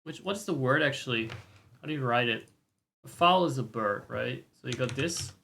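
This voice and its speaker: A man's voice: medium pitch, moderate pace, creaky, pushed and bright, a little hiss or hum. A man streaming live and reacting to a game trailer, ranting with opinions, swearing and mocking voices.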